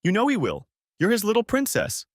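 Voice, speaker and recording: A man's voice: mid-range voice, wildly swooping pitch, normal speed, no echo, clean studio sound, pitched above the performer's own voice. A man reading as a bitter, accusing cheating husband. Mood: angry. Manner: sharp and accusing.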